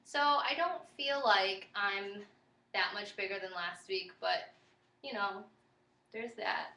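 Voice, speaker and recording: A woman's voice: mid-range voice, takes it slowly, pushed and bright. A woman vlogging a casual pregnancy update, rambling and chatty with lots of fillers, tired and a bit flustered.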